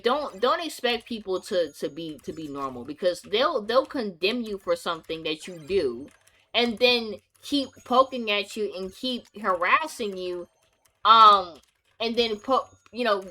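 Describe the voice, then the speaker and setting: A woman's voice: medium pitch, bright, forceful tone. A young woman streamer talking casually to camera, ranting with profanity and emphatic outbursts.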